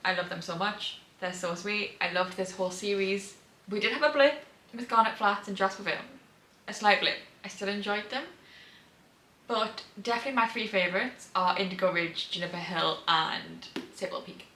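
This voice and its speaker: A young woman chatting casually on a reading vlog at home, gushing and excitable, with many fillers. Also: medium pitch, normal speed. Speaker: book vlogger. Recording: roomy sound from a distant mic.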